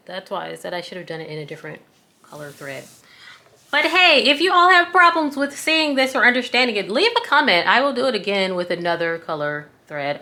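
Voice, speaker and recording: The woman's voice is medium in pitch with a sharp tone. Speaking with a Southern US accent, she's a craft tutorial host from the American South who chats casually while guiding viewers through sewing, folksy and self-deprecating throughout.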